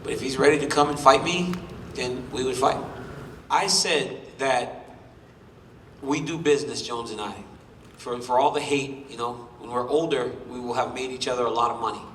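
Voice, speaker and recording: A man's voice: medium pitch, fairly even intonation, moderate pace, a bit bright, a little hiss or hum. A man in his thirties answering questions at a press conference, boastful and joking as he trash-talks his rivals. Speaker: champion fighter at a press conference. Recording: roomy hall, voice from a distance.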